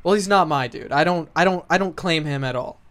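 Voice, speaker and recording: A man's voice: on the high side, a little fast, fairly bright tone. A man co-hosting a casual podcast, trading sarcastic, mock-indignant quips. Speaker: podcast co-host. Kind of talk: casual political chat.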